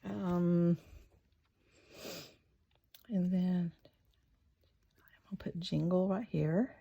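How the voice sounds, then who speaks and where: Lady crafter rambling slow as she works, low gravelly voice, whispers the letters sometimes. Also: steady tone, dull audio. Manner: slow, chatty, thinking aloud while working; spells words out in soft whispers as she writes. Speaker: craft channel host. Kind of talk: casual crafting vlog.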